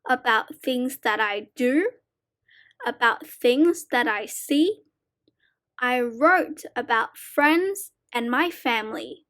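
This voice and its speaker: A woman slowly reading short children's poems aloud as a reading teacher, in a deliberate sing-song way. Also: on the high side, animated, a bit bright.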